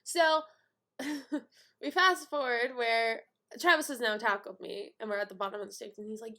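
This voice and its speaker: A young woman telling a holiday story to the camera in a casual, chatty way. Her voice sits a little high and sounds bright and clear, and she acts out each person's lines with lively energy. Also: normal speed. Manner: animated, acts out both sides of the story. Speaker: vlogger.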